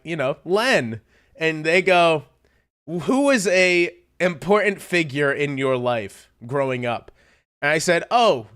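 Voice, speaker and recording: Male streamer, a bit high-pitched, animated and sweary, laughs through his own stories. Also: smooth. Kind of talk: casual livestream chat.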